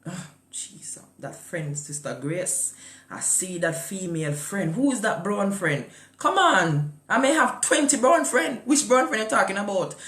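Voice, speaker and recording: A woman's voice: medium pitch, lively intonation, measured pace, a bit bright, echoey room. A woman with a Jamaican accent hosting a morning show in casual chat. She talks with passion, firing rhetorical questions and mixing patois with English.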